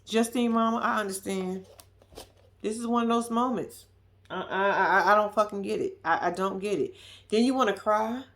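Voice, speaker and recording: A woman's voice: medium pitch, moderate pace, a bit bright. A young woman giving blunt, profane, sassy reaction commentary on a reality show, talking straight to her viewers.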